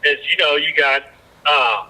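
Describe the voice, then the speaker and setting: A former fishing guide talks as a guest on a podcast. He tells rambling stories full of restarts and repeated words. His voice is very bright and sits a little high for a man. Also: measured pace, rough recording. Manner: rambling anecdotes with many restarts. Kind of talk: casual storytelling chat.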